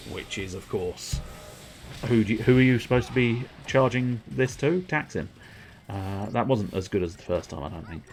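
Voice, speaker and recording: A man streaming a game, rambling through self-mocking, sweary commentary at his desk mic. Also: on the low side. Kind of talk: casual gameplay commentary.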